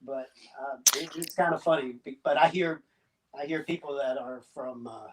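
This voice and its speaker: A Cuban-born man in his sixties with a slight Southern US accent, telling his story as a guest in a casual interview, halting and chuckling as he goes. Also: medium pitch. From Cuba. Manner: halting, chuckling, many restarts. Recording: distant mic.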